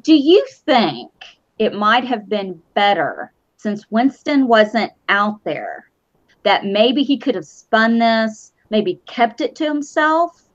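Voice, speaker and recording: A woman's voice: fairly high pitch, very animated, takes it slowly. A woman hosting a casual fan show chat, blunt, profane and sarcastic. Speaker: host. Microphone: streaming mic. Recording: lo-fi online stream audio.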